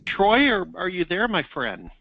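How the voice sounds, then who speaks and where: A man's voice: sits high, huge pitch swings, unhurried, muffled recording. Folksy man hosting a webinar. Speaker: webinar host.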